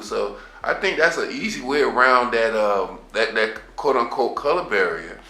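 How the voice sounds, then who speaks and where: A man's voice: medium pitch, expressive, moderate pace, bright, forceful tone. A man hosting an interview, asking questions in a loose, conversational way with slang and restarts. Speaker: interviewer, show host. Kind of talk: casual interview talk. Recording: echoey room.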